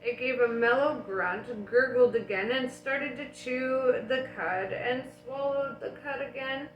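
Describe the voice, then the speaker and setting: A woman reading a novel aloud in a casual, unhurried way, dropping in her own asides. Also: high voice, roomy sound, lo-fi sound, faint music behind. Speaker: audiobook reader.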